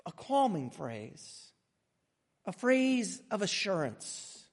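A male pastor preaching in a high, lively voice that swoops up and down with emphasis. He takes his time, drawing phrases out slowly, and a long reverb from the large room trails every line. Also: gravelly. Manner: dramatic, emphatic preaching with slow drawn-out phrases. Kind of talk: sermon.

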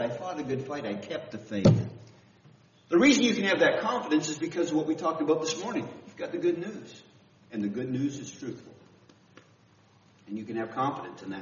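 Animated preacher from Canada in an echoey church. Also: male voice, high-pitched. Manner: animated, with frequent restarts and questions to the audience. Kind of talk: conversational sermon. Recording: echoey room from a distance, dull sound.

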